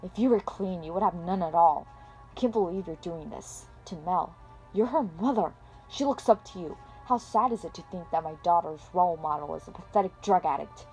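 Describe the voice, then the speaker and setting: A woman's voice: on the low side, normal speed, darkish tone, soft background music, natural voice, poor audio. A woman voicing a stern, weary father who talks in cold, clipped words. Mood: cold anger. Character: stern grown man, a weary disappointed father.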